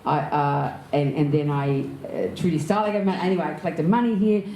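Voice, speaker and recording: A woman with an Australian accent, an actor and director, telling candid anecdotes in a lively way and laughing often as an interview guest. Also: sits low, brisk, roomy sound, slight background noise, low-quality recording. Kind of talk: candid storytelling in an onstage conversation.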